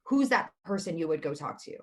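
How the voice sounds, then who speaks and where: A woman in her thirties, a guest in an interview, speaking openly and earnestly about her feelings. Her voice sits a little low for a woman. She talks in a candid, conversational way. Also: very animated, a little fast.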